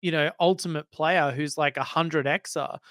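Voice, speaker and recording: A man's voice: fairly high pitch, steady tone, measured pace, fairly bright tone, no room sound, studio quality. A man co-hosting a tech podcast, making thoughtful points at length. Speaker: podcast co-host. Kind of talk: casual tech podcast chat.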